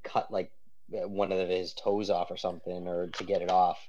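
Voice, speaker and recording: Chatty laughing comic fan guest. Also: male voice, deep voice, flat delivery, normal speed, mellow, dull audio. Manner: chatty, laughs often, speculative. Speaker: podcast guest. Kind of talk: casual comic book discussion.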